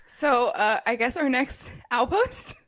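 Woman, podcast co-host, fairly high voice, dry sound, teasing banter. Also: big pitch swings, takes it slowly, fairly bright tone, no room sound. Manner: teasing, laughs along, reads listener questions. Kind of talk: casual chat.

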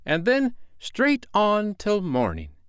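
A man's voice: high-pitched, huge pitch swings, takes it slowly, smooth, no room sound, clean studio sound, pitched above the performer's own voice, exaggerated voice. A man reading a storybook aloud, voicing a cocky, proud young boy who answers sharply and boasts. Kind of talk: storybook character voice.

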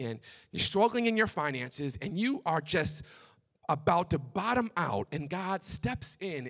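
A young male pastor delivers a lively sermon in a high, ringing voice. His tone is bright and forward. He speeds through his stories, then slows and quiets down for the weightiest lines. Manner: animated preaching, drops to hushed tones for God's words.

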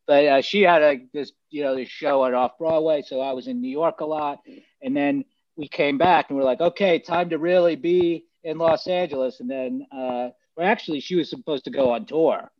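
A man, a comedian guest, chatting loosely over a video call, halting and restarting as he goes. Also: a little high, lively intonation, muffled recording.

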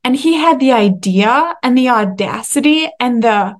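Excitable, emphatic young woman podcaster. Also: on the high side, measured pace. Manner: excitable, emphatic, laughs and gets teary. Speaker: podcast host. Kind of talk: solo faith-based podcast monologue.

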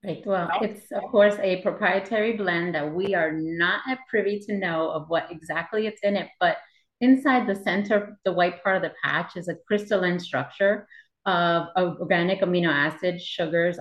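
A woman, a guest doctor, explaining things in an interview in a measured way, with an occasional slip. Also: fairly low pitch, muffled recording. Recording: echoey room.

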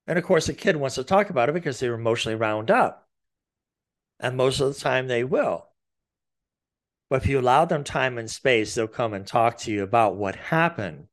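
Slow, deliberate man explaining calmly. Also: mid-range voice. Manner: slow and deliberate, acts out gentle parent phrases. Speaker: therapist and podcast host. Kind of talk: calm explanatory talk.

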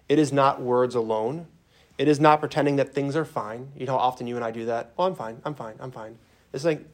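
A man with a mid-pitched voice leads a group through a guided prayer meditation in an earnest sermon style. He talks plainly, with small restarts, and drops to a soft voice for quoted words. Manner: earnest, softens for quoted lines, some restarts.

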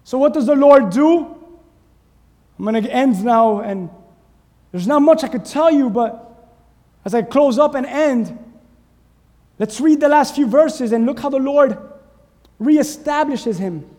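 Fervent male pastor, very high-pitched, mid-sermon, booming into a church sanctuary with long reverb. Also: unhurried, long pauses, warm tone. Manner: fervent preaching with call-and-response urging.

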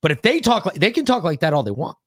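Brief: male podcast co-host, higher-pitched voice, dry close sound, heated profane rants. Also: big pitch swings, fast, a bit bright, slightly rough, no room sound. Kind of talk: casual political podcast chat.

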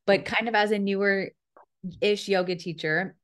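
A woman's voice: mid-range voice, steady tone, unhurried. A woman who teaches yoga and hosts a podcast, talking in an earnest, enthusiastic, rambling way in a casual conversation.

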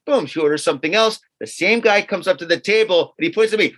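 A man's voice: sits high, quick pace, few pauses. A man co-hosting a podcast, telling a story casually and acting out what others said, with some swearing. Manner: animated, acts out quotes of others with swearing. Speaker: podcast co-host.

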